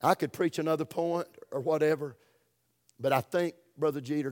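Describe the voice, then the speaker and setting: A middle-aged pastor with a Southern US accent delivers a folksy sermon in a fairly high voice. He stretches words out for emphasis and swings between booming stresses and near-whispered phrases. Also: fairly even intonation. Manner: folksy, emphatic, drawn-out preaching with sudden loud and soft turns.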